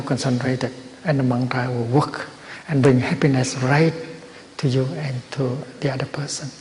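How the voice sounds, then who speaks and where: Man, Buddhist teacher, gentle unhurried dharma talk, roomy hall with long reverb. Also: on the high side, slight background noise. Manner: slow, gentle, measured phrasing with long pauses.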